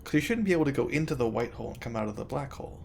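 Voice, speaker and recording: A man's voice: mid-range voice, animated, very fast, creaky, slight background noise. A man playing a video game, casually thinking aloud and reading in-game text to a friend. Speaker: game streamer. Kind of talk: casual gameplay chat.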